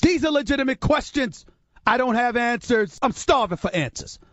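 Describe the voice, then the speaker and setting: A man's voice: very high-pitched, expressive, normal speed, fairly bright tone, dry recording, faint music behind. A man giving heated sports commentary in an exasperated, disgusted rant, on slightly muffled broadcast audio.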